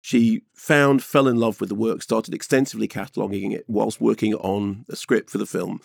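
A man's voice: fairly low pitch, fairly even intonation, normal speed, gravelly, no echo, studio quality. A man co-hosting a film podcast, reviewing films in casual chat with an enthusiastic, digressive manner. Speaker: podcast co-host, film critic. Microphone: studio mic.

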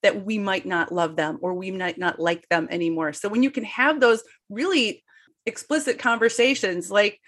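A woman's voice: mid-range voice, normal speed, a bit bright. A woman co-host of a talk show, reflective and affirming in casual chat. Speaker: podcast co-host.

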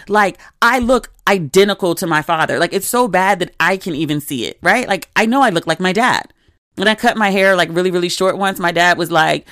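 A woman's voice: on the low side, animated, brisk, fairly bright tone, no echo, studio quality. A woman in her forties hosting a solo podcast, telling stories in a candid, chatty way full of asides. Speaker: podcast host. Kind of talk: casual solo podcast chat.

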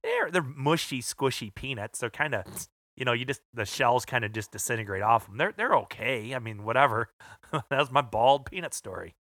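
A man's voice: medium pitch, animated, normal speed, a bit bright, no room sound, clean studio sound. A man co-hosting a podcast, chatting and telling a wisecracking anecdote. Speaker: podcast co-host. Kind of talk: casual chat.

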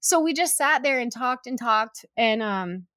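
A woman's voice: on the high side, animated, measured pace, sharp tone, dry recording, clean studio sound. A young adult woman telling a personal story in casual chat, with lots of "like" fillers and acted-out quotes.

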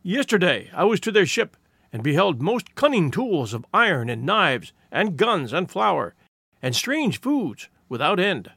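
A man voicing an awed village man describing strangers' riches in a storybook reading, speaking slowly and marveling. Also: high voice, big pitch swings, sharp tone, husky, no echo, clean studio sound, exaggerated voice.

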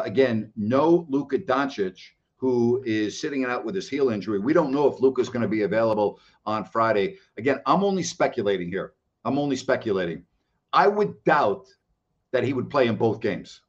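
A man's voice: mid-range voice, lo-fi sound. A man hosting a casual sports stream, ranting in a blustery, exasperated way with mild cursing. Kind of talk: casual sports talk and rant. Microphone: computer mic on a laptop stream.

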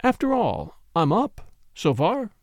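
A man voicing a placid, mild-mannered unmarried woman who speaks soothingly but stays quietly stubborn. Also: high-pitched, huge pitch swings, slow pace, no room sound, clean studio sound, voice pushed up, exaggerated voice.

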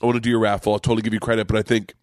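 A man's voice: lowish voice, flat delivery, racing, darkish tone, dry recording. Middle-aged guy rambling thru a story, swears a lot, does everyones lines, dead dry room. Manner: rambling, profane, acts out quotes. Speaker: podcast host, comedian. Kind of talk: casual storytelling chat.

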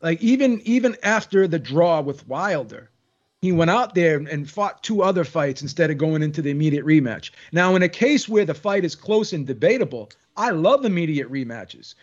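A man in his fifties with a slightly high voice joins the panel over a dull, lo-fi line. He eggs the others on in a jovial way and says the same line twice. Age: 50s. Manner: jovial, egging others on, repeats himself. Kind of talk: heated panel debate.

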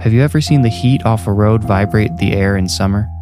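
A man narrating a first-person horror story in a measured, grim way. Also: lowish voice, music in the background.

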